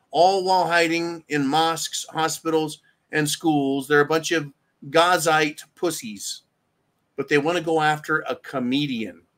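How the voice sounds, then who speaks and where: A man's voice: a little high, a bit bright. A middle-aged man hosting a solo commentary rant, rambling, sarcastic and profane. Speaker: host.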